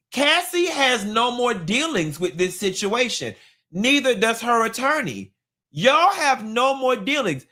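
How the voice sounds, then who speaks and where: A man hosting a live gossip talk show, sassy and animated, with sudden squealing jumps in pitch. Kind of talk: live-stream gossip commentary.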